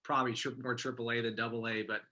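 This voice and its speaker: A male host with a bright, sharp voice leads a casual interview. He is easygoing and affirming, and his questions ramble a little. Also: mid-range voice, flat delivery, quick pace. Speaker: host, coach.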